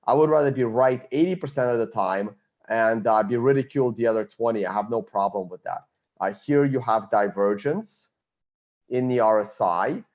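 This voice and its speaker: A man's voice: medium pitch, moderate pace, darkish tone, dull audio. A man giving blunt, confident market analysis, thinking aloud as he walks through a chart. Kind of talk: screen-share chart analysis.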